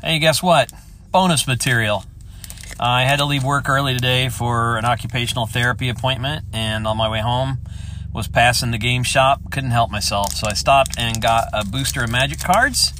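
A man's voice: mid-range voice, moderate pace, sharp tone, slight background noise. A man hosting his own podcast, thinking aloud in a rambling, enthusiastic way as he chats on his own. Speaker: podcast host. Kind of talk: casual solo chat.

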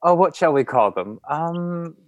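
A man's voice: on the high side, lively intonation, a little slow, no room sound, highs cut off. A man voicing a posh, snooty aristocratic cat who has fallen on hard times. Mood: genteel. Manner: snooty, genteel.

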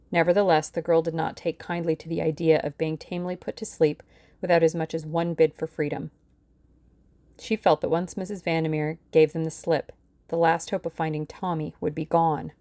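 Woman narrator, audiobook reading, low voice, dry close recording, measured. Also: mellow, dry recording. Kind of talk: scripted narration.

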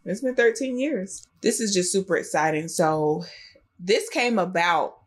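A woman, co-hosting a podcast in lively, chatty talk. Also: on the low side, measured pace, breathy edge. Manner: lively, chatty, animated storytelling. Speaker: podcast co-host. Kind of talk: casual chat.

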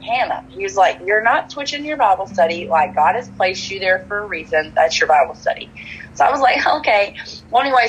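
A woman's voice: mid-range voice, a little hiss or hum, low-quality recording. A woman with a Texan accent, telling a personal story in casual chat, full of "like" fillers and quoted dialogue. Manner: chatty, many "like" fillers, animated quoted dialogue.

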